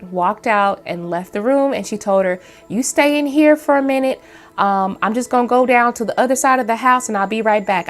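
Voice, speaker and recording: A woman hosting her own channel, telling a story to the camera at home in a rambling, casual way with many fillers and restarts. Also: medium pitch. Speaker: channel host.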